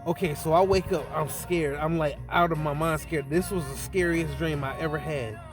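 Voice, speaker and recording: A man's voice: fairly high pitch, steady tone, normal speed. A man vlogging in a casual storytelling style, earnest and shaken, who rambles and restarts his words. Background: background music.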